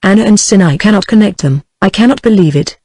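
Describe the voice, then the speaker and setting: This synthetic female voice, speaking with a British English accent, plays an anxious young married woman who begs earnestly and imploringly. It sits at medium pitch, moves quickly and animatedly, and has a darkish, slightly rough tone with no room sound.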